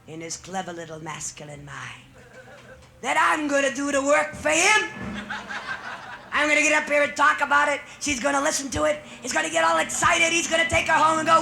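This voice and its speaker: A woman's voice: sits high, vocal fry, background noise. A middle-aged woman comedian doing a bawdy live stand-up routine on a nightclub stage, teasing the audience with brassy banter.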